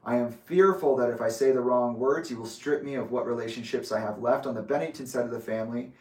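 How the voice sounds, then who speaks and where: A man reading his own letter aloud with asides, in a measured, deliberate way. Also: mid-range voice, a little mellow. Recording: roomy echo, distant from mic.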